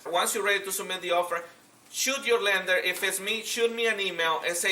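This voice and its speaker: A man's voice: high-pitched, a little fast, bright, forceful tone, echoey room, distant mic. A man teaching a real estate seminar, speaking directly and often repeating himself as he acts out calls with agents. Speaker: real estate and mortgage instructor.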